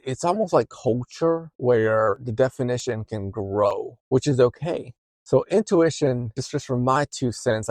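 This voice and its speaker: Male therapist podcasting, middle pitch, easygoing, keeps saying right, dry close mic. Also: no room sound. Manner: conversational, often adds "right?"; grows quieter and softer when describing intuition. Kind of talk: explanatory podcast talk.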